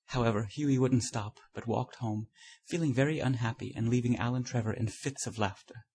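Gravelly, husky male storyteller. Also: medium pitch, steady tone, brisk, few pauses, a little mellow. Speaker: audiobook reader. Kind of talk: storybook narration.

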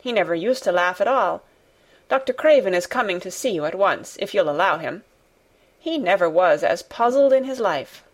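A woman's voice: fairly low pitch, animated, moderate pace. A woman reading the part of a flustered, fussy middle-aged housekeeper who explains breathlessly to her master. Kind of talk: audiobook character reading.

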